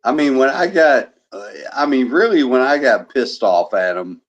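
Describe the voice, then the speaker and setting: A man's voice: mid-range voice, expressive, normal speed, highs cut off, noisy background. A man co-hosting a casual livestream chat, rambling and repeating himself as he talks.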